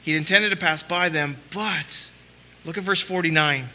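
A man preaching a sermon, asking rhetorical questions and swinging between loud emphasis and quiet, low lines. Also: normal speed, slight background noise. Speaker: pastor.

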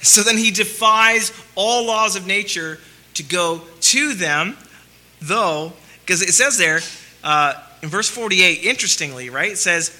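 A man preaching a sermon, asking rhetorical questions and swinging between loud emphasis and quiet, low lines. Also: measured pace. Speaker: pastor.

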